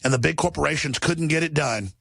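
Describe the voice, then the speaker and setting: Gravelly ranting radio host man. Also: a little high, fast talker, a bit bright, no echo, clean studio sound. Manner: ranting, mocking, shifts into sneering put-on voices. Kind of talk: combative talk radio monologue.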